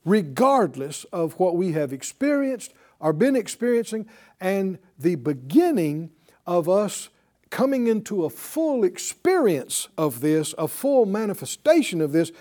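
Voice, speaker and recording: An older man delivers a sermon in a high-pitched voice. He swings his pitch widely as he preaches and calls on the congregation to answer him back. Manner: animated, call-and-response with congregation. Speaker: pastor.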